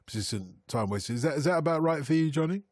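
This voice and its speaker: A man hosting a radio football phone-in. He reads out listener messages and jokes with his guests in a brisk way. His voice sounds dry and close in the studio. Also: fairly high pitch, lively intonation, darkish tone, no echo.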